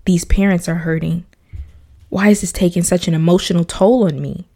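Earnest young mother, lower-pitched voice. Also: moderate pace, warm tone. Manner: earnest and emotional, repeats phrases, drops to a whisper at times. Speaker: podcast host, mother. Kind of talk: personal podcast monologue.

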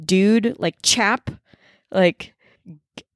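A woman's voice: medium pitch, drawn-out words, dry recording, studio quality. A woman co-host in casual chat, rambling and playful, full of filler words and restarts. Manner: playful, guesses freely.

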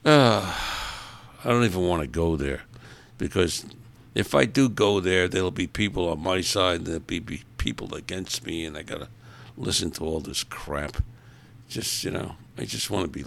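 A man's voice: deep voice, normal speed, vocal fry, fairly bright tone. A man hosting a podcast, talking in a casual, rambling monologue, opinionated and grumbling. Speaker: podcast host.

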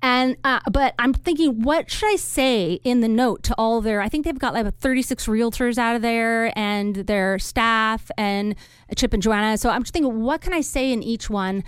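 A woman's voice: fairly high pitch, moderate pace, clean tone, no room sound, studio quality. Chatty laughing woman guest. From California. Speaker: real estate agent guest. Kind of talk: casual chat.

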